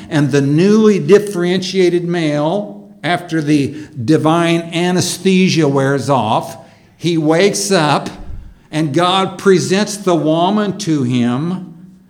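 Slow-paced male preacher, slightly high voice. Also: darkish tone. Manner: slow, measured preaching with emphatic rises. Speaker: pastor. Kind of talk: sermon.

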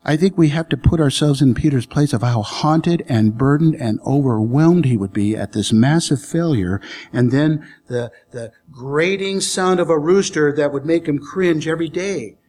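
A man preaching a sermon, retelling a scripture story with acted-out lines and sudden hushed whispers. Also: a little high, moderate pace. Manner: dramatic storytelling, acting out scenes, dropping to whispers for emphasis. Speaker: pastor.

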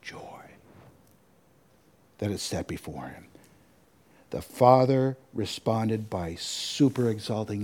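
A male pastor delivers a sermon in a warm, mellow voice. He moves between emphatic scripture reading and wry, conversational asides, repeating his key lines for weight. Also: lowish voice, slow pace, long pauses. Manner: animated preaching with asides and repetition.

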